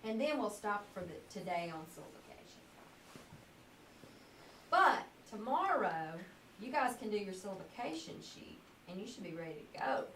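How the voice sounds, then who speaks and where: In a sing-song, medium-pitched voice that's a bit bright, a woman teacher moves at a moderate pace through a phonics lesson. She asks patient questions and draws out words as examples, in an echoey classroom recording made from a distance with faint hiss.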